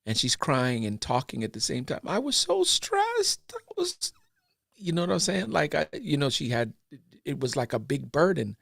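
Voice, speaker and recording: A man's voice: on the high side, huge pitch swings, moderate pace, gravelly, a bit bright, dry recording, clean studio sound. A man co-hosting a podcast, telling a personal story in casual chat with easy slang and an earnest tone. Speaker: podcast co-host.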